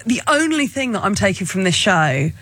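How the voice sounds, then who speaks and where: A woman co-hosts a radio show in casual comedic chat. She talks quickly in a mock-serious way. Her voice sits in the middle of the range. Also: medium pitch, big pitch swings, a bit bright, a little hiss or hum. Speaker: radio co-host. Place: radio studio.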